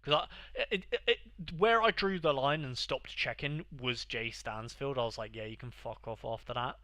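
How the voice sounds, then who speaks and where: A man's voice: mid-range voice, normal speed, sharp tone, no echo, studio quality. A young man hosting a casual livestream, talking to his chat in exasperated, sweary banter. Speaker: livestream host.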